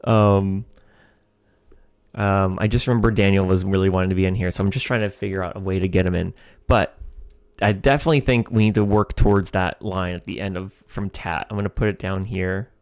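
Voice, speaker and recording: A man's voice: low voice, fairly even intonation, fairly quick, a little mellow, clear, resonant tone, dry recording. A man hosting a livestream, thinking aloud while writing a comedy sketch, hesitant with many ums and chuckling as he reads lines aloud.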